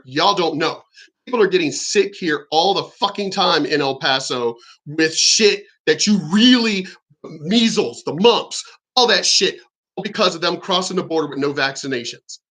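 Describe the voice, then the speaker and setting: A man's voice: on the high side, pushed and bright. A man from Virginia ranting in a casual vlog monologue, rambling and swearing heatedly. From Virginia, USA. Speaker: vlogger.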